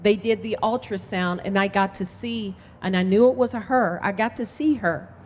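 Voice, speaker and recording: A woman's voice: medium pitch, normal speed, a little hiss or hum. A woman political candidate giving an impassioned, emphatic campaign speech, telling her story. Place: event hall. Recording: long hall reverb.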